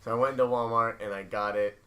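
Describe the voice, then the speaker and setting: A young man, a podcast co-host, telling a story in a laid-back casual chat, halting now and then. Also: medium pitch, steady tone, sharp tone.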